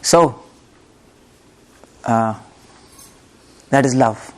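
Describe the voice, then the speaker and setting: A man's voice: medium pitch, extremely slow. A man giving a devotional sermon, telling a story and acting out its voices with laughs between points. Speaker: preacher. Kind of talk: devotional discourse. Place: lecture hall.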